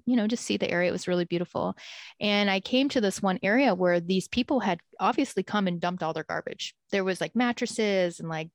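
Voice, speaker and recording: A woman's voice: mid-range voice, no echo. A woman earnestly telling a heartfelt personal story in casual conversation.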